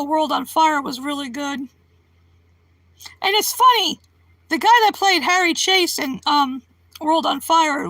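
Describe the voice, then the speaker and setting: A woman's voice: sits high, pushed and bright, no echo. A woman live streaming, chatting casually with her viewers in a rambling, giggly way and laughing often.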